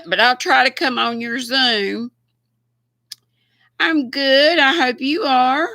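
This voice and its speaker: A woman's voice: high voice, slow, creaky, pushed and bright, no room sound. An older woman with a Southern US accent, chatting casually and folksily with viewers on her livestream, often laughing. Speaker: livestream host.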